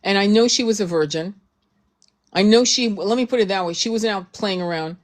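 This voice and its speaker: A woman's voice: mid-range voice, brisk. A woman hosting a casual talk stream, speaking bluntly and emphatically, swearing often and repeating herself as she makes her point. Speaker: host. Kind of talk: heated casual commentary.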